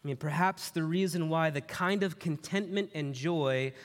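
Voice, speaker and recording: A man's voice: a little high, normal speed, in a large hall. A man preaching a sermon in a conversational way, telling personal stories and asking the congregation rhetorical questions. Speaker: pastor.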